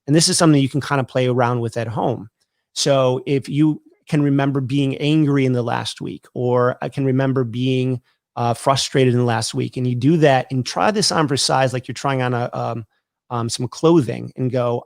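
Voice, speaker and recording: A man's voice: medium pitch, normal speed, no room sound. Therapist guy hosting a chat, thoughtful, lots of restarts, dry close sound. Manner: thoughtful, explanatory, with many restarts. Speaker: therapist and podcast host. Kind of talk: casual discussion.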